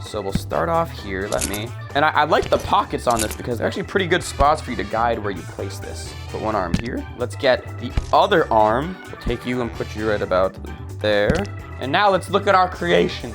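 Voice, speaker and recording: Young male gaming host, lively pitch, jokey, faint music under. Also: moderate pace, gravelly. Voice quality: playful, jokey, animated. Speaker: gaming YouTuber. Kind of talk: comedic game tutorial. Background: faint background music.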